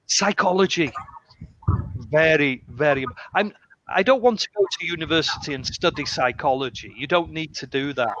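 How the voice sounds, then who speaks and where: A man's voice: on the high side, normal speed, no room sound. A man, an English teacher, telling stories in a casual conversation and acting out the voices in his quotes. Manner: animated, acts out quotes with shifting voices. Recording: muffled lo-fi sound with faint noise.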